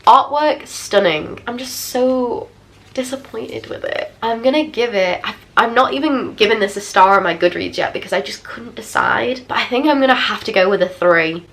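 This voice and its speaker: A woman's voice: on the high side, moderate pace, gravelly. Chatty young woman reviewing books. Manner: chatty, expressive, self-deprecating asides. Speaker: book vlogger. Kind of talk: casual book review chat.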